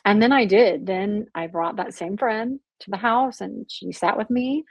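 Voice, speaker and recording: A woman speaks with a gravelly, slightly husky voice, recounting her own story with animated emotion. The sound is dry and close, with no room echo. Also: mid-range voice, measured pace. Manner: emotional, animated storytelling with laughs and acted quotes. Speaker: podcast guest, abuse survivor. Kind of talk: candid personal interview.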